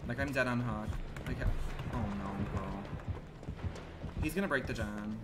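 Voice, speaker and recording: A man livestreaming a game in campy, slangy commentary that swings between loud outbursts and low mutters. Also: measured pace. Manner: campy and dramatic, full of slang. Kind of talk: live gameplay commentary. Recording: loud game music under the voice.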